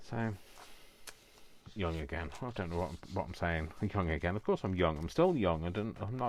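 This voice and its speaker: Deep voiced guy in his 50s rambling away while crafting, jokey and self-mocking. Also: a little hiss or hum. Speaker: craft vlogger. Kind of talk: casual chat while crafting.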